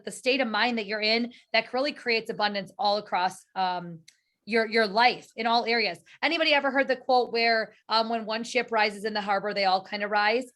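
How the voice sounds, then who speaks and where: Upbeat woman leading a sales team call. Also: fairly high pitch. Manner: energetic and earnest, with repeated words and restarts. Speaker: direct sales team leader. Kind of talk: motivational speech on a video call. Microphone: video call.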